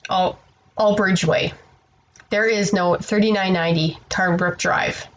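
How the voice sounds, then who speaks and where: A woman's voice: medium pitch, steady tone, unhurried, muffled recording. Tired, exasperated woman vlogger. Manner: exasperated, rambling, swears freely. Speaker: online seller vlogger. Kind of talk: casual storytelling to camera.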